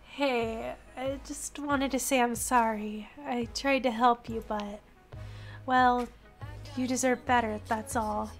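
A woman voicing a weary, guilt-ridden female vampire in a visual novel, speaking softly and apologetically. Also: fairly high pitch, steady tone, slow pace, faint music behind. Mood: subdued.

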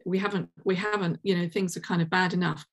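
Woman host, lower register, chairing online Q&A, hesitant and filler-heavy. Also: steady tone, fast. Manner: hesitant, many ums and restarts.

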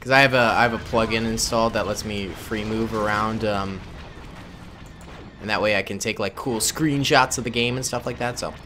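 With a fairly low, steady voice at a moderate pace, a gaming YouTuber riffs playfully over his gameplay. He keeps up the jokes with his audience, whom he calls "boys," while background noise runs underneath.

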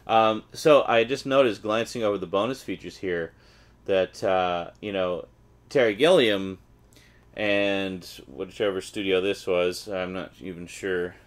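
A man's voice: deep voice, a little slow. A Canadian man chatting casually and wryly while opening a package and reading out the blurbs. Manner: chatty and wry, reading blurbs with mock enthusiasm. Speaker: unboxing vlogger.

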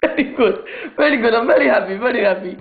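A man's voice: very high-pitched, fast talker. A man putting on a fussy immigrant father's voice, prank-calling with insistent, pleading broken English over the phone. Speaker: prank caller. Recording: tinny phone line with faint hiss.

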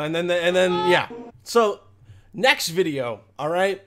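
A young man with a high, light voice rants through comedic reaction commentary. He rambles, swears freely and works himself into mock outrage. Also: animated, unhurried, a bit bright, slight background noise. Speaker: commentary host.

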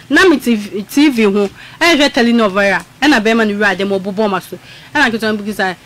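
Chatty woman telling a lively story. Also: mid-range voice, quick pace. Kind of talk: casual chat.

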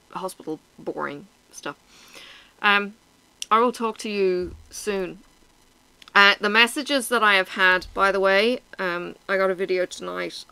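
A woman's voice: mid-range voice, bright, forceful tone, clear, resonant tone, no echo, rough recording. A woman, chatting frankly and bluntly to her viewers in a casual vlog, teary and sniffling. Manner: blunt, frank and self-mocking, with swearing and laughs. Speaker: vlogger.

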